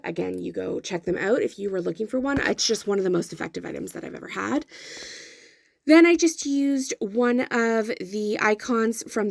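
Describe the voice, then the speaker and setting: A woman's voice: medium pitch, creaky, darkish tone, dry recording. A young woman chatting her way through decorating a weekly planner, casual and full of fillers and self-corrections, with the hiccups. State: has the hiccups. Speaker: planner vlogger. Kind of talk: voice-over narration of a planner spread.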